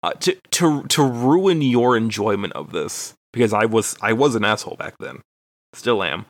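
A man's voice: on the low side, expressive, moderate pace, no room sound. A young man from Texas, a podcast co-host, telling a rambling, profane, self-deprecating story in casual chat.

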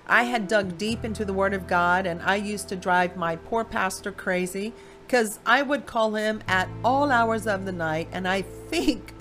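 A woman from Ohio gives a personal faith testimony, animated storytelling with voiced quotes. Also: medium pitch, measured pace, faint music behind. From Ohio, USA. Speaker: Christian speaker.

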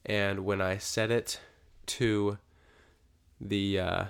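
A man's voice: on the low side, drawn-out words, creaky, clear, resonant tone. A man co-hosting a casual podcast chat, telling stories with lots of acted-out quoted dialogue. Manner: animated storyteller who acts out quoted dialogue. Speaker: guest co-host.

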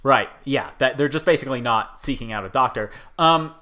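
A man's voice: medium pitch, brisk, bright, forceful tone. A man talking in a casual, skeptical way, chuckling as he explains things to friends. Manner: skeptical, amused, laughs while telling stories.

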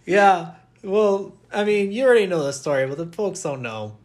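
A man's voice: high-pitched, lively intonation, normal speed. A young man, a podcast co-host, telling a long rambling story in casual chat and laughing often. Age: young adult.

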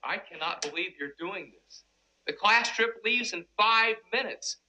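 An actor playing a stern but kind middle-aged school principal in a 1990s sitcom, earnest and direct. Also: male voice, high-pitched, animated, measured pace, exaggerated voice, low-quality recording. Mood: angry scolding. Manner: scolding, then gentle and earnest.

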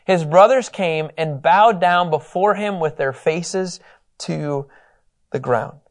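A man teaching a Bible lesson in a conversational, animated way, acting out the quotes. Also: on the high side, slow.

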